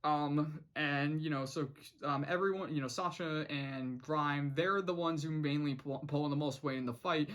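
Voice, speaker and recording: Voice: mid-range voice, moderate pace, few pauses, fairly bright tone. A cartoon reviewer recapping an episode in a casual vlog, rambling with many restarts and quoting the characters' lines.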